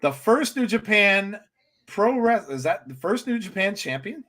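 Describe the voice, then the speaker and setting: A man co-hosting a live wrestling watchalong, giving excitable reaction commentary with many restarts. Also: high voice, a little slow.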